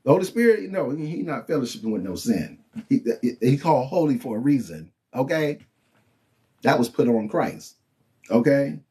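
A man preaches in a loose, colloquial teaching style and keeps turning to his listeners with quick check-ins. His pitch leaps and dips with real animation, while the tone itself stays dark and mellow. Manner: animated and colloquial, with frequent "you know what I'm saying" and "okay?". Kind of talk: informal preaching and Bible teaching.

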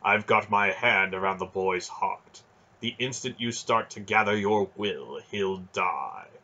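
A scheming, scarred sorcerer priest, as a man reads him, gloating and mocking at an unhurried pace. The voice is husky and sharp-edged. The recording sounds dull and lo-fi. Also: on the low side, exaggerated voice.

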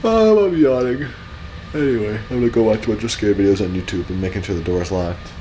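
A young man vlogging in casual chat at night, relaxed and joking. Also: deep voice, very fast, slight background noise.

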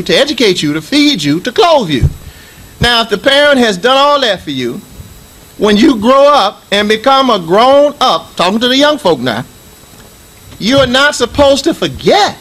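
High-voiced preaching American imam. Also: male voice, fairly bright tone, low-quality recording. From United States. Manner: emphatic preaching with repetition and call-outs; recites Arabic scripture. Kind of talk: Friday sermon. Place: mosque.

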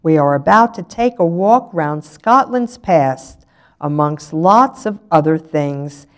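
A woman voicing a brisk, cheerful female schoolteacher with a coaxing tone, fairly low and unhurried. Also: lively intonation.

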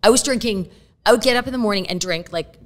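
A woman's voice: medium pitch, quick pace. A woman in her fifties, a podcast guest, telling candid stories in casual chat and swearing freely.

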